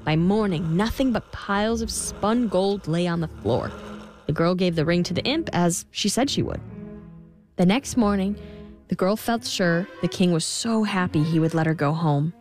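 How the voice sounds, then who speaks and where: A woman reading a fairy tale aloud in an expressive, gentle storybook style. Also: fairly low pitch, moderate pace, soft background music. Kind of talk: storybook narration.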